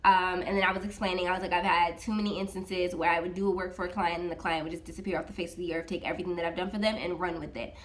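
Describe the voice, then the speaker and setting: A woman's voice: fairly low pitch, very fast, hardly any pauses. Woman animatedly retelling a client story. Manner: animated, retells dialogue with many "I was like" asides. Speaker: freelance social media manager.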